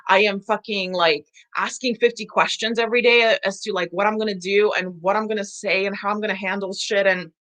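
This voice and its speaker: A young adult woman talking straight to her viewers on a live stream, bright and forceful, swearing freely and laughing things off. She sounds frank and emotional, like a coach opening up to her audience. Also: medium pitch, fairly even intonation, fairly quick, few pauses. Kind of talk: casual live-stream chat reading comments.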